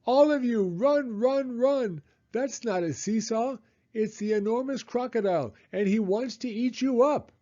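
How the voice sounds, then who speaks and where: A man voicing a brave male monkey in a storybook, shouting frantically at children to run. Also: very high-pitched, measured pace, highs cut off, pitched above the performer's own voice. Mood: frantic. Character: quick brave male monkey, shrill and urgent.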